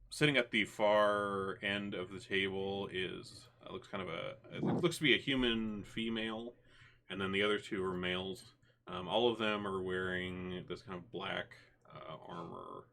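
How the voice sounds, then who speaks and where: Bright-voiced low male game master. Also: creaky, slight background noise. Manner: relaxed, many fillers and restarts. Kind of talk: narrating a tabletop game.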